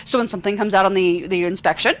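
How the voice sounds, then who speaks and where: A young adult woman on a casual podcast, telling a story in an animated way, swearing freely. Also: mid-range voice, quick pace, lo-fi sound. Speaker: podcast co-host.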